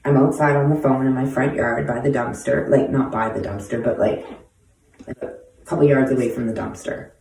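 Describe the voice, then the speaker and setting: Her voice rumbles low and darkish, fairly even in intonation at normal speed. This host in her forties swears nonstop and uses street slang while bluntly telling stories from her life in reply to viewer questions. Distant from the microphone in an echoey room, she comes across far away.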